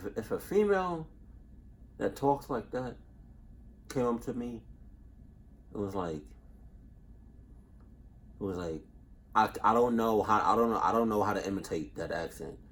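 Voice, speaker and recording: A man's voice: on the low side, a little hiss or hum. A man hosting a reaction video, rambling casually, swearing, laughing and interrupting himself.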